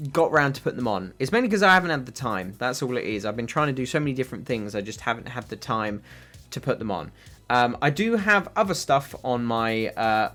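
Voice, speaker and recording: A British man runs a laid-back livestream, working through viewers' chat questions in meandering answers packed with ums and uhs. His voice is medium in pitch and fairly bright.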